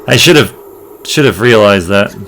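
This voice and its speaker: A man's voice: lowish voice, animated, moderate pace, a bit bright, a little hiss or hum. A man hosting a let's play, muttering wry, casual commentary and reading game text aloud.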